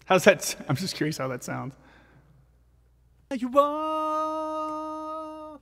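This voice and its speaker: A man with a gravelly, fry-tinged voice chats loosely and self-deprecatingly with his viewers between takes, answering their comments as he records. His voice carries a long reverb tail, with faint music underneath. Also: a little high, fast, a bit bright. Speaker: vocal jazz arranger recording his own parts. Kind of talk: casual livestream chat while recording.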